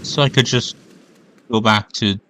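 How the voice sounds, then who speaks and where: A man's voice: fairly low pitch, fairly even intonation, measured pace, pushed and bright, a little hiss or hum, poor audio. A man streaming a video game, casually commenting and muttering about technical glitches, with the odd swear. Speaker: gaming streamer. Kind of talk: casual let's-play commentary.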